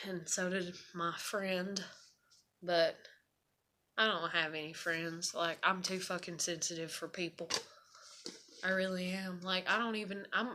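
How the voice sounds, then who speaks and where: In a lowish voice with a sharp tone, a young woman vlogger pours out her frustrations about her marriage and struggles. The rant is emotional and full of swearing, and she comes close to crying at points.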